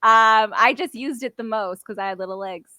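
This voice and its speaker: A young woman co-hosting a podcast, telling a party story in a rambling way, full of "like" and quick laughs. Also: fairly high pitch, pushed and bright, no echo. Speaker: podcast co-host. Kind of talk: casual chat.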